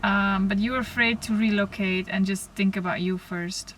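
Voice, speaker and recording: A woman giving a spiritual oracle card reading to camera, talking softly and reflectively, with pauses and restarts. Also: medium pitch, steady tone. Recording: slightly distant mic, faint noise.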